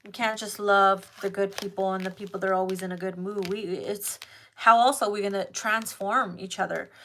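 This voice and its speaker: A woman's voice: mid-range voice, fairly even intonation, moderate pace, sharp tone. A woman giving a casual tarot card reading who talks straight to her viewers, blunt and full of swearing. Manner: profane, blunt and emphatic. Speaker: tarot reader.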